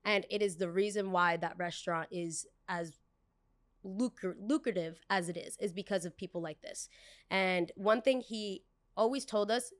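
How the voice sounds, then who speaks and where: A woman's voice: medium pitch, normal speed, no echo. Chatty young woman telling a story. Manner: chatty, animated, acts out every voice in the story, curses freely. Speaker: podcast host. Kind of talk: casual storytelling.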